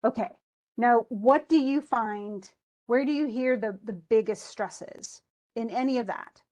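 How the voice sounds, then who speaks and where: Slow-speaking woman teaching poetry. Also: on the high side, darkish tone. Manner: reads the poem aloud slowly, then explains stresses with many restarts. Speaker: English teacher. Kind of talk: classroom lesson.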